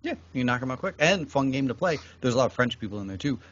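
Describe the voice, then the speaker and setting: A man's voice: mid-range voice, lively intonation, fast talker, muffled recording. A man co-hosting a podcast, chatting casually in an easygoing way. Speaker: podcast co-host. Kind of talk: casual chat reviewing shows.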